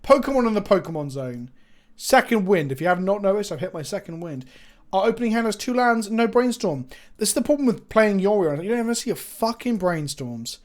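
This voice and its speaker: Excitable high-voiced man streaming a card game. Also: brisk. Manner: excitable, swearing, joking with chat. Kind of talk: casual live-stream commentary.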